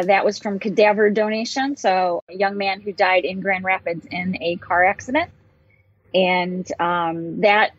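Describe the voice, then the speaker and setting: An animated woman from Michigan shares her life story as an interview guest, laughing often along the way. Her voice is husky and close, with no room sound. The recording is a bit dull and lo-fi. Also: mid-range voice, no echo. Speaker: guest, motivational speaker.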